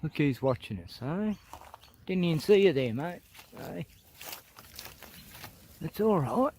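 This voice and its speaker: A man's voice: on the high side, very animated, slow, a little hiss or hum. A man with an Australian accent chatting casually and coaxingly to koalas and a dog while filming outdoors. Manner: coaxing, talks softly to animals as to a mate. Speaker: vlogger. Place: outdoors in rural bushland.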